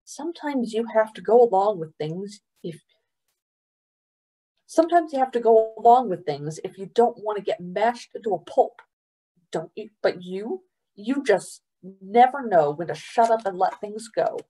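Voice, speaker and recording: A wary, sarcastic boy who grumbles his way through every scrape, put on by a woman reading a storybook aloud. The voice sits a little higher than her own and stays unhurried. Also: animated, warm tone, poor audio. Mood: grumbling. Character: boy Somkit, wisecracking and wary.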